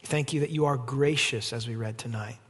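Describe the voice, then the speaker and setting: A man preaching an evening sermon as pastor, animated and rising to emphatic peaks, then leading a closing prayer. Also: medium pitch, brisk, husky. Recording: long hall reverb.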